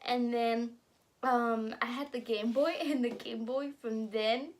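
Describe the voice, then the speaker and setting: A woman's voice: a little high, steady tone, slow. A young woman casually telling stories to camera while eating, chatty and laughing along as she talks. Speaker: vlogger.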